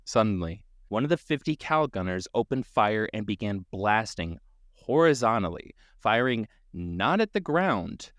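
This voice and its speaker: Guy with a lowish voice telling a spooky story on a podcast, dry close mic. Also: sing-song, a little slow, a bit bright, dry recording. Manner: dramatic storyteller, swears casually, laughs often.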